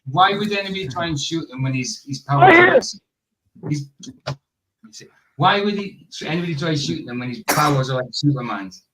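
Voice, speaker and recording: Brief: excitable man from Wales, stream host, noisy clicky mic. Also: on the high side. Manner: excitable, laughing, quick apologies. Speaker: livestream host. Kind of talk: casual chat.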